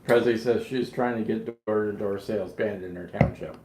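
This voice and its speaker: A relaxed man co-hosting a casual live show, reading out viewers' chat messages. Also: fairly low pitch, normal speed. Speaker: co-host reading viewer comments. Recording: echoey room with noise behind.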